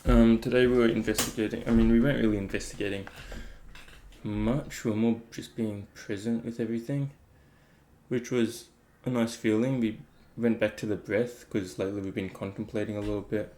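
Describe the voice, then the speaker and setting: A man's voice: fairly low pitch, fairly even intonation, brisk, warm tone. A man thinking aloud in a casual, reflective talk about meditation, rambling with many fillers. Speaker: meditation vlogger.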